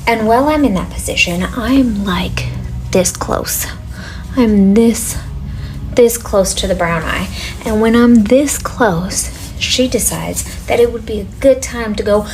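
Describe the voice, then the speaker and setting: A woman's voice: on the high side, measured pace, over music. Exasperated woman telling a work story. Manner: exasperated, blunt, cursing. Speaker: waxing technician. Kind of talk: casual storytelling.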